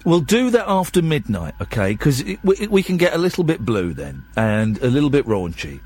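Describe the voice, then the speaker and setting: A tired man hosts a late-night radio show, chatting and rambling with plenty of self-deprecation. His pitch swings in a lively way and his voice carries a slight husk. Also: moderate pace, slightly rough.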